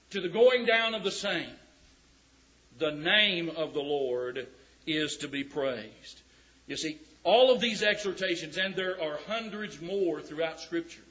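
A man preaching a sermon, reading scripture slowly and emphatically with folksy asides. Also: sits high, pushed and bright. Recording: dull lo-fi recording.

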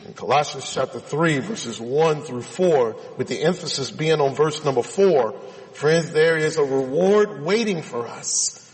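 Male preacher, sermon delivery with animated, swooping intonation; reverberant hall sound. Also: on the high side. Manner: reads scripture then explains it, addressing listeners as friends.

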